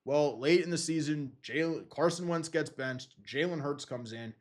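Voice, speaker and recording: A young man hosting a podcast, rambling through casual sports talk in an excitable way and swearing freely. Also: on the high side, normal speed. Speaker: podcast host.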